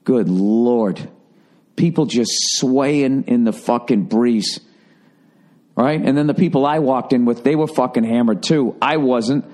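A middle-aged man hosts a podcast and tells a loose, swearing-heavy story in a relaxed monologue. He comes from the Boston area. His voice sits at an ordinary pitch, and he stretches into higher, livelier tones when he recounts what others said. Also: a little slow. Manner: profane, rambling, animated when doing quoted voices. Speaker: podcast host.

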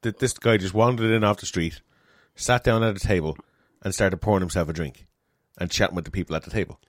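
A man's voice: deep voice, quick pace, dry recording, clean studio sound. A man in casual chat, telling a story and acting out the other people's lines. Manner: animated storytelling, acts out customers' lines. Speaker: restaurant manager telling stories.

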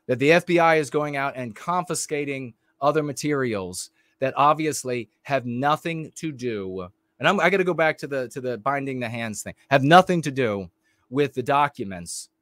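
A man's voice: mid-range voice, fairly bright tone, no room sound. A man ranting as a political commentator in a livestream. He talks bluntly and heatedly, stopping and restarting often with fillers.

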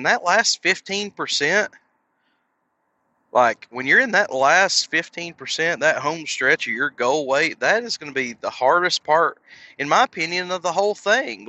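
A man's voice: a little high, expressive, unhurried, pushed and bright, no echo, muffled recording. A man hosting a podcast, talking casually into a headset in a rambling, self-deprecating way, full of fillers and acted-out voices. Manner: acts out voices of people in his stories. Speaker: podcast host.

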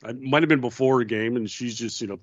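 A man's voice: mid-range voice, fast, dry recording. A man co-hosting a casual talk show, telling anecdotes and acting out quotes between laughs. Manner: storytelling, quotes others with laughs. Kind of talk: casual chat. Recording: dull, dry lo-fi audio.

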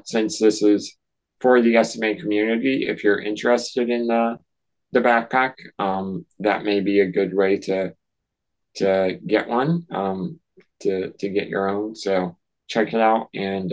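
Man, nonprofit founder on a podcast, deep voice, unhurried, lots of ums. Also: low-quality recording. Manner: slow, thoughtful, with many fillers and restarts. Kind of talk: casual interview talk.

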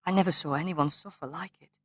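An anxious, tearful young woman tells her story in a hurry, as a male narrator puts her on. The voice is raised and softer than the reader's own. The sound is dull, lo-fi and dry. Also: fairly high pitch, fast, dry recording, pitched above the performer's own voice. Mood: upset.

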